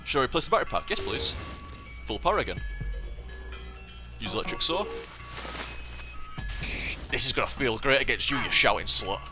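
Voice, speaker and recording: A man's voice: medium pitch, very animated, moderate pace, pauses often, music in the background. A young man commentating a let's play and reading game text aloud, with a sweary, rambling way of talking. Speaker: gameplay commentator.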